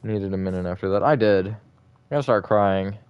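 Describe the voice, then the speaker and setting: A man's voice: low voice, fairly quick, clean tone, no echo, muffled recording. A man streaming a building game live, chatting casually and reacting to viewer comments. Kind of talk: live gaming stream chat.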